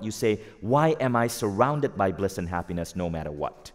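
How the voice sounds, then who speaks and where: A man giving a live motivational talk to an audience, energetic and asking the crowd questions. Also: lowish voice, moderate pace, hardly any pauses. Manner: energetic, asks the audience questions, acts out quoted voices. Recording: long hall reverb.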